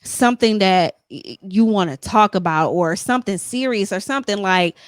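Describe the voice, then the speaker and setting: An earnest woman hosts a podcast in easygoing conversation, her voice sitting at a middling pitch. She speaks encouragingly, circling back to check that her listener follows. The recording is close and dry, with no room sound. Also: animated, moderate pace, no echo. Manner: earnest, encouraging, repeats "you know what I'm saying". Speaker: podcast host. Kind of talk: casual chat.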